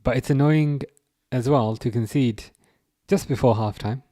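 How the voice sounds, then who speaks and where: A man hosting a casual live football watchalong, reading out chat, laughing often and tripping over his words when he gets excited. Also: medium pitch, a little slow, no echo, clean studio sound. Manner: excitable, laughing, stumbling restarts. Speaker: livestream host reading chat.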